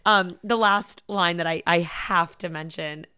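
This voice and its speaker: A young woman co-hosting a casual film chat, animated and laughing often as she acts out favorite lines in big loud voices. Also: fairly low pitch, a little slow, smooth. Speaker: podcast co-host.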